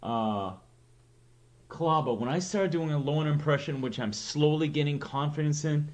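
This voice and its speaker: A man's voice: fairly high pitch, moderate pace. A man with a New England accent chatting casually to his stream viewers, rambling and joking at his own expense. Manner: rambling, joking, self-deprecating. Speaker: streamer host.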